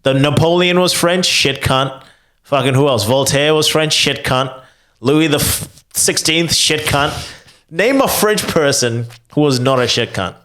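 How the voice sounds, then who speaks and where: A man's voice: a little high, measured pace, a bit bright. A young man, ranting profanely and telling stories on a comedy podcast. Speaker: podcast co-host. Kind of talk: casual comedy rant.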